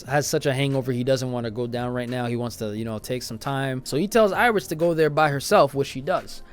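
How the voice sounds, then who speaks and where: A young man talks through a film review in an offhand, slangy way, dropping to mumbles and then jumping up into loud bursts. His voice sits a little high and swings widely in pitch. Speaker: movie reviewer. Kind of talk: casual spoken movie review.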